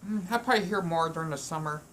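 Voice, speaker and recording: A woman eats at home while vlogging, her talk meandering and full of restarts and fillers. She speaks fast, her voice sitting low, with a little hiss or hum in the recording.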